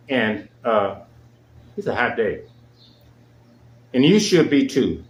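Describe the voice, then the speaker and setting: A man's voice: mid-range voice, very animated, slow. Indignant male host in an echoey room. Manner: indignant, emphatic. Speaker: show host. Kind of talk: angry monologue.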